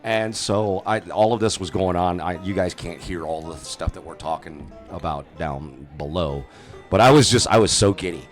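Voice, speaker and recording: A man's voice: deep voice, moderate pace, soft background music. A man co-hosting a podcast, telling stories in casual chat and acting out the voices of people he quotes, often repeating words as he starts a sentence. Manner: animated storyteller who acts out quoted voices. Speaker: podcast co-host, festival performer.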